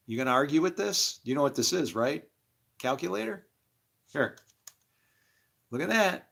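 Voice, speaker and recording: A man at an ordinary middle pitch rambles through a religious monologue. His tone is bright and forceful. He drifts from quiet mumbles into sudden shouts and laughs to himself along the way. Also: vocal fry.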